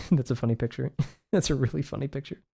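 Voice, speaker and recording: A man's voice: medium pitch, fast, gravelly, dark tone, slightly rough. A young man streaming as he draws, chatting casually in a rambling, amused way and often correcting himself. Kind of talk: casual chat while drawing on stream.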